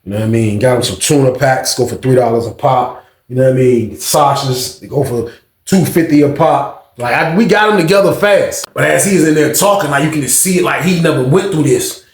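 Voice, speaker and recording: A man's voice: mid-range voice, a little fast. A young man telling a story in casual, slangy talk, acting out the voices of others. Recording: roomy echo.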